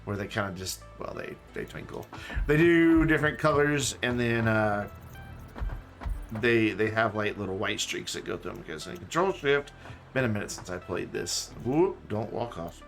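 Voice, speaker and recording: Streaming a game live from his home room, a man talks loosely and reads chat aloud in a fairly low, expressive, slightly bright voice with vocal fry. He speaks at normal speed over soft background music, picked up by a desk mic and webcam.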